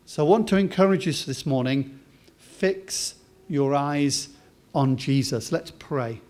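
A British man delivers a sermon in a slightly higher-pitched voice. He swings between loud, emphatic lines and soft, slow, drawn-out words. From Britain. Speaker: preacher.

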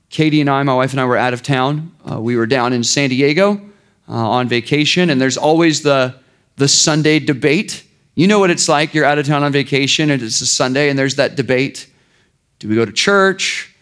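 A man preaching a sermon in an informal, conversational way, with sarcastic asides and frequent restarts. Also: medium pitch. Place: church.

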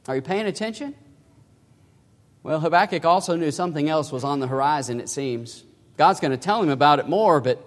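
A man preaching a sermon as pastor, emphatic and full of rhetorical questions, recorded in a church sanctuary. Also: high-pitched. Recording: long hall reverb.

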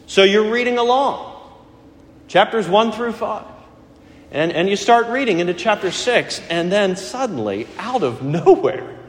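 A middle-aged man preaching a sermon in a church, conversational and gently humorous. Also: sits high, expressive, unhurried. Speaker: pastor. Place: church sanctuary. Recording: echoey church hall.

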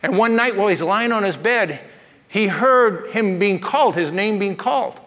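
A man preaching a sermon as pastor, telling stories in an animated way with playful asides, recorded in a church. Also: high voice, moderate pace, long reverb tail.

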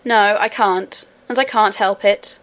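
A woman's voice: mid-range voice, fairly even intonation, a little slow, fairly bright tone, natural voice. Woman doing a blunt, rude boy. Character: boy miner, blunt and disbelieving.

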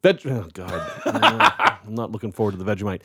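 A man co-hosting a podcast, telling facts as lively stories in casual chat. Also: on the low side, very fast, husky, no room sound. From United States. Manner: lively storytelling, explaining facts with jokes. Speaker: podcast co-host.

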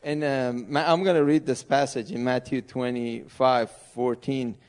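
A man's voice: mid-range voice, fairly even intonation, unhurried, a little mellow. A middle-aged man from Iran with an Iranian accent, preaching a sermon as a missionary pastor in earnest, broken English. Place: church sanctuary.

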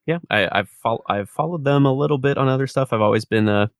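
A man co-hosting a podcast in relaxed casual chat, chuckling often. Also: medium pitch, fast talker, vocal fry, no echo, clean studio sound. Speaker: podcast co-host.

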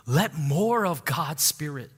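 A man preaching a sermon, telling a personal story in an animated way, laughing at himself and dropping soft and low when he turns to prayer. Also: takes it slowly, husky. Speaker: pastor. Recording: long hall reverb.

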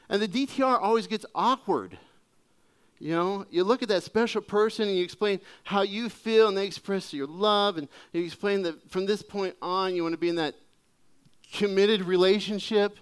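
A man's voice: sits high, a little fast, a bit bright, smooth. A man preaching a sermon in a conversational, humorous storytelling way. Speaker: pastor.

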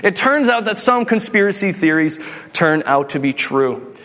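A man's voice: high voice, normal speed. A man in his thirties preaching a humorous sermon, telling jokey stories and acting out quotes. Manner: animated, jokey, acts out quotes. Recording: long hall reverb.

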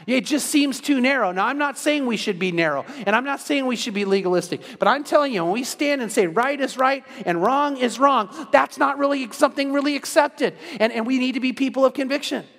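A man's voice: very high voice, brisk, few pauses, a bit bright, long reverb tail. A man preaching an earnest evening sermon as pastor, emphatic and repetitive in his phrasing.

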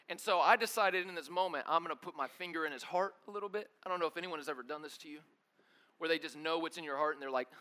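Young guy preacher telling a story, high bright voice, acts out all the lines. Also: fast. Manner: animated, acts out dialogue, laughs often. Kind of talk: storytelling sermon.

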